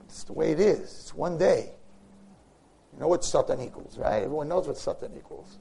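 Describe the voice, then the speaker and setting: A man giving a Torah lecture, impassioned, swinging from hushed asides to loud pleading, with Hebrew and Yiddish terms. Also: on the high side, expressive, brisk, gravelly, husky.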